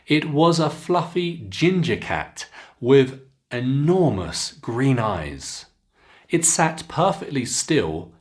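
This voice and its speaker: A man with a British English accent teaching pronunciation, reading a story aloud slowly and clearly between instructions to pause and practise. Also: mid-range voice. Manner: slow, deliberate, clearly enunciated reading with instructions to repeat.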